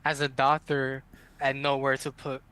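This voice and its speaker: Bright, clear-voiced male player. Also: medium pitch, monotone, measured pace. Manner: laid-back, laughs between words. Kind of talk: casual tabletop play.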